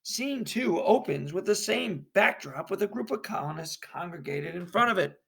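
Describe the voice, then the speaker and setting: A man's voice: sits high, lively intonation, normal speed, vocal fry, a bit bright, breathy edge. A man teaching a history lesson, who narrates a short classroom play and then explains a worksheet.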